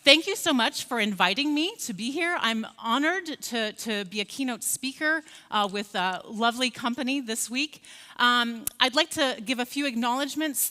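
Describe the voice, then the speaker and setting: Keynote speaker: American-accented woman in her 40s, bright and forceful, chatty lecture style, reverberant hall. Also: a little high. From Scotland. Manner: friendly, conversational, many fillers and restarts. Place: large conference hall.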